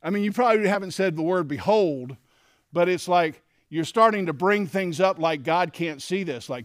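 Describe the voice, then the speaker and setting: A middle-aged man teaching a Bible lesson to men, animated and acting out quoted lines. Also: high voice, normal speed, no room sound, clean studio sound. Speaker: men's leadership teacher.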